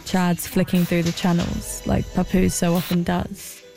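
Woman, young adult, scripted personal narration, dry self-mocking delivery, gravelly, dark mellow tone. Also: lowish voice, completely flat delivery, measured pace, faint music behind. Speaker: narrator and drag performer.

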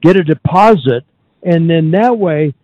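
A man's voice: a little high, lively intonation, measured pace, a little mellow, no echo, low-quality recording. A man hosting a radio talk show, chatting in a folksy, rambling way with frequent fillers. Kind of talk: casual radio chat. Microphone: studio microphone.

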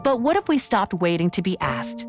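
Brief: female announcer, promo read, lively melody, loud backing music. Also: mid-range voice, normal speed.

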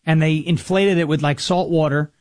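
Man, sarcastic news riffer, high voice, dry close sound, jokey asides. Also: steady tone, normal speed, darkish tone, dry recording. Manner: stumbles over words, restarts. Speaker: commentator reading news. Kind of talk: casual news commentary.

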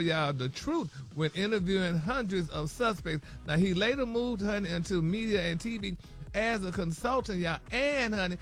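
A man's voice: high voice, a bit bright. A man presenting a celebrity gossip segment on a radio morning show, dramatic and peppering every line with "honey" and "y'all". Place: radio studio.

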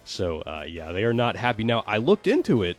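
A man co-hosting a show, going through trending news topics in a low-key, matter-of-fact way. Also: huge pitch swings, brisk, soft background music. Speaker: co-host presenting trending topics. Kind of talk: casual news rundown.

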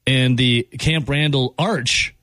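A man's voice: medium pitch, steady tone, takes it slowly, fairly bright tone, no room sound. A man hosting a casual sports talk show, playful and mocking as he riffs on jersey details. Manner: playful, mocking, mimics overhyped phrases.

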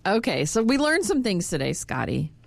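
Female radio co-host, teasing and giggly, mid-range voice, lively pitch. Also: moderate pace, vocal fry, a little hiss or hum. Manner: giggly, teasing, reads items aloud. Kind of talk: casual radio banter.

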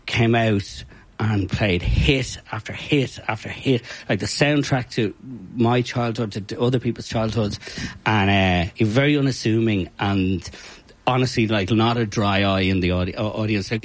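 An Irish man who organizes a music night, telling stories in a casual interview in an animated, chatty way full of fillers. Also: mid-range voice.

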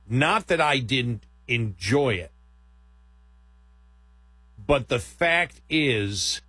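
A man's voice: medium pitch, bright, forceful tone, husky, dry recording. A middle-aged man, a radio host and podcaster, chatting casually, rambling and laughing as he quotes himself. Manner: rambling, laughing, self-quoting.

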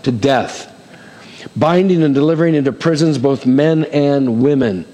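A pastor preaching with dramatic flair, reading scripture and slipping into the voices of its characters. His voice sits a little high for a man. It carries a long reverb, as if he is preaching in a large sanctuary. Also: a little mellow. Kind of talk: sermon.

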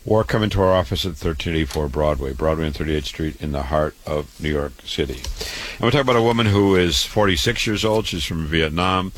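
A man's voice: extremely low pitch, a little fast. A man, a doctor, giving a promotional health talk about his clinic, repeating himself and listing items one after another. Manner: repetitive, listing.

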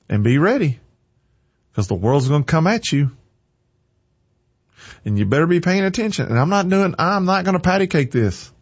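Male preacher, husky voice, punchy repetitive sermon delivery, muffled lo-fi sound. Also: medium pitch, expressive, moderate pace, pauses often. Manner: forceful, emphatic, repeating lines for stress.

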